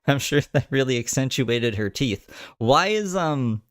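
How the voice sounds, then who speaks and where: A man's voice: medium pitch, lively intonation, measured pace, dry recording, clean studio sound. A man giving casual, sarcastic commentary while reacting to another streamer's live broadcast, laughing often.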